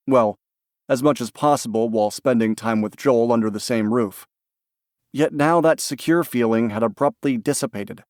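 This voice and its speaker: A man reading a novel aloud as an audiobook narrator, in a calm, even storytelling manner. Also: mid-range voice, clear, resonant tone, dry recording, clean studio sound. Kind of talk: scripted narration.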